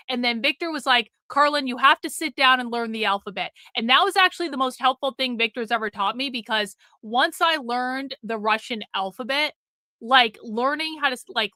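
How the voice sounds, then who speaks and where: A woman's voice: a little high, pushed and bright, no echo. A middle-aged woman hosting a casual livestream chat, blunt and swearing freely. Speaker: livestream host.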